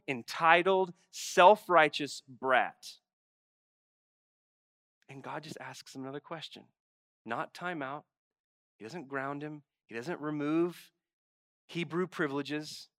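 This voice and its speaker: A man preaching a sermon as a pastor. He swings from hushed, intimate asides to loud, emphatic exclamations, and he voices God's questions in a pleading, exasperated tone. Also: a little high, no room sound, studio quality.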